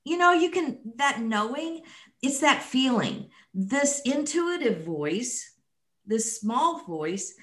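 A woman hosting a podcast, talking in a slow, thoughtful, teacherly way. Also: sits high, fairly bright tone. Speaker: podcast host. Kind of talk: reflective interview talk. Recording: roomy echo.

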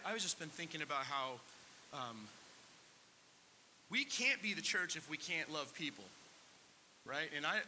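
A man's voice: a little high, pushed and bright. A man preaching a conversational sermon, asking the congregation questions and close to tears at times. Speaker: pastor. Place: church sanctuary. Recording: long hall reverb with faint hiss.

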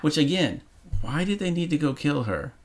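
A man co-hosting a podcast riffs sarcastically on a movie, cursing freely. His slightly high voice swings widely in pitch at a normal speed.

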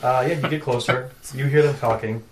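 A man's voice: mid-range voice, steady tone, a little fast. A man running a tabletop game as game master, giving brief, matter-of-fact rulings. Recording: roomy, distant mic, faint noise.

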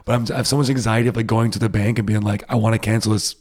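A man's voice: mid-range voice, fairly even intonation, rapid-fire, darkish tone, husky. A man from Rhode Island chatting casually, rambling and self-deprecating, with lots of fillers. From Rhode Island, USA. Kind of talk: casual chat. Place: Berlin.

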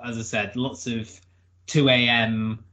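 A man's voice: medium pitch, flat delivery, takes it slowly, sharp tone. Hesitant man hosting a podcast. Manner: hesitant, lots of fillers and restarts. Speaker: podcast host. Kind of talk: casual podcast chat.

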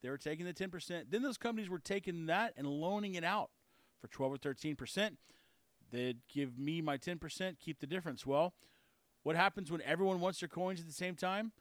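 A man's voice: on the high side, fairly quick, no echo. A man hosting a solo podcast, talking through his opinions in a chatty, folksy way on a close mic. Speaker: podcast host.

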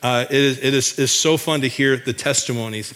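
A man's voice: medium pitch, steady tone, fairly quick, fairly bright tone. A man from Michigan, a missionary, telling a church congregation about his work in an enthusiastic, folksy way, often restarting his sentences. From Michigan, USA.

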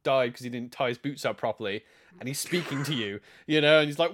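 A man's voice: medium pitch, normal speed, a bit bright. A man co-hosting a podcast, chatting casually and rambling with many restarts and laughs. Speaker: podcast co-host. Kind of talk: casual chat.

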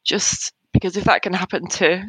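A woman in her thirties, a bereaved mother in an interview, talking in a hesitant, halting way with soft laughs between thoughts. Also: lowish voice, steady tone, husky, dry recording, rough recording. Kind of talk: emotional personal conversation.

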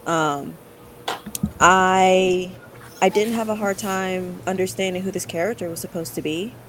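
A woman's voice: on the low side, fairly even intonation, a little slow, a little hiss or hum, rough recording. A woman giving her views in a casual group chat, hesitant and full of fillers. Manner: thoughtful, hesitant with many fillers. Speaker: podcast panelist.

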